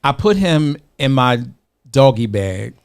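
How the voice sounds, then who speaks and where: A man's voice: medium pitch, sing-song, slow, clear, resonant tone. A man co-hosting a podcast, telling a long story in casual chat, acting out the voices he quotes and laughing often. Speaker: podcast co-host.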